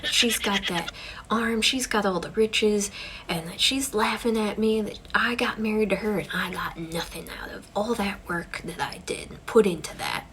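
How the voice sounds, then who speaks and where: A woman's voice: mid-range voice, moderate pace, background noise, natural voice. A woman voicing a greedy, self-pitying husband who grumbles bitterly, in her own plain voice. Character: greedy scheming husband, man, bitter drunk.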